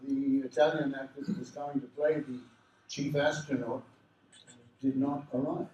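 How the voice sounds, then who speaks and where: A man's voice: mid-range voice, highs cut off, a little hiss or hum. Older Australian man telling convention stories. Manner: animated, does voices of people in his stories. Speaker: convention panel guest. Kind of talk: storytelling anecdotes to a live audience. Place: convention hall. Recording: roomy hall, mic at a distance.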